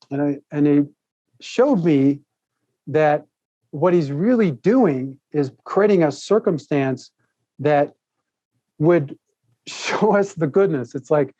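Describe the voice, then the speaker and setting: A man tells a long personal story as a podcast guest, rambling and animated, often laughing between thoughts. His voice sits a little higher than most men's but sounds mellow and warm. The recording is dry and slightly muffled. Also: slow pace, pauses often, dry recording. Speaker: podcast guest, author and speaker. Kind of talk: casual interview storytelling.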